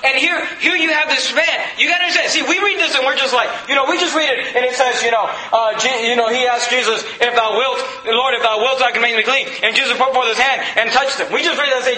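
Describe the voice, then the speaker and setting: High, sharp-voiced preaching man. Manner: emphatic preaching with rhetorical questions; rises to shouting at peaks. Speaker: pastor. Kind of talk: sermon. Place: church sanctuary. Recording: echoey church room.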